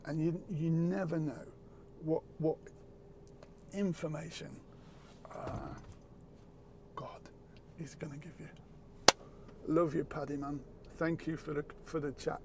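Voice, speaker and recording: A man speaking earnestly in a reflective, casual chat, halting and repeating words as he goes, with the odd swear word. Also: fairly high pitch, steady tone, noisy background.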